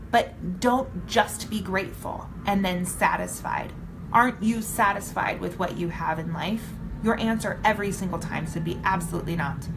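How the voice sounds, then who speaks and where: A woman's voice: medium pitch, gravelly, background noise. A woman giving a live-streamed motivational talk, emphatic and blunt, swearing casually and repeating her points for emphasis. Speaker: motivational speaker.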